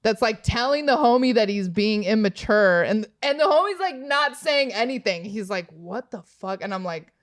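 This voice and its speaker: A young woman from Los Angeles, a guest on a podcast, tells a tour story in loose casual chat. She swears freely and laughs between lines. Her voice is smooth and clear, recorded close and dry. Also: a little high, lively intonation, moderate pace, few pauses, no echo.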